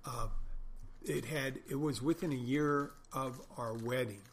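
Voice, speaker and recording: In a casual storytelling monologue, a middle-aged man, a podcast host and bartender, rambles through stories with wry self-corrections. He speaks at a medium pitch and an unhurried pace, and a little hiss or hum sits under the recording.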